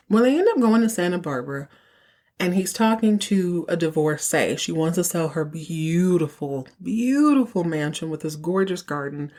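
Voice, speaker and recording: A woman with a lowish voice recapping a TV episode on her podcast. She tells it in an animated, gossipy, conversational manner. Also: moderate pace. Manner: animated, chatty storytelling. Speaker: podcast host.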